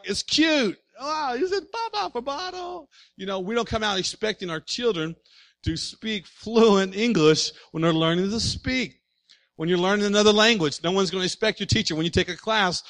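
A man preaching a sermon as pastor, animated and full of rhetorical questions to his congregation. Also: high-pitched.

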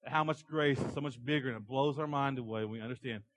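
A man preaching a sermon to his church, animated as he tells stories and acts out characters. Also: medium pitch, fast, low-quality recording. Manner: animated storytelling, acting out characters in the parable. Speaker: pastor.

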